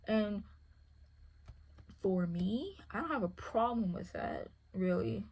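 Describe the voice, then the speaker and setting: A woman's voice: medium pitch, unhurried, darkish tone. A woman who handles a service dog, talking casually and rambling, often asking "you feel me". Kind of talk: casual chat.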